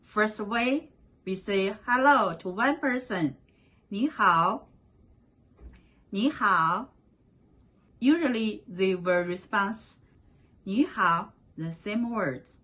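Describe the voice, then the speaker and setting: A woman teaching a beginner language class, slowly repeating short phrases for learners. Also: mid-range voice, animated, bright, forceful tone.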